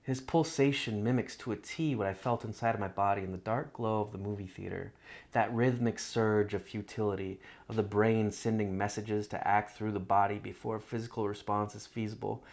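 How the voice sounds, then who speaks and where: A man reading his own literary love story aloud in a measured, reflective first-person narration. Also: lowish voice, steady tone, darkish tone.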